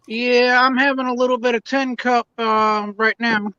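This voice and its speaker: A man's voice: extremely high pitch, level tone, normal speed, pushed and bright, clean tone. A man chatting on a video call, chiming in with short, teasing remarks. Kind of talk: casual video-call chat. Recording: dull lo-fi call audio.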